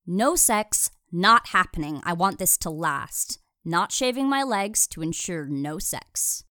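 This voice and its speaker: A woman's voice: lowish voice, expressive, slow, sharp tone, no room sound, clean studio sound, heavily acted. A woman reading an audiobook, voicing her narrator's bold, playful friend reading out text messages in a breezy, upbeat way.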